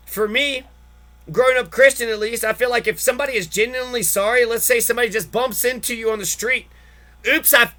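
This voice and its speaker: Male podcast host, very high pitch, profane, exasperated political rant. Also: pushed and bright. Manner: heavy swearing, exasperated ranting.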